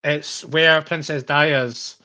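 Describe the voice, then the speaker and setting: A man's voice: a little high, fairly even intonation, takes it slowly, pushed and bright. A man hosting a podcast in casual chat, rambling and laughing often. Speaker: podcast host.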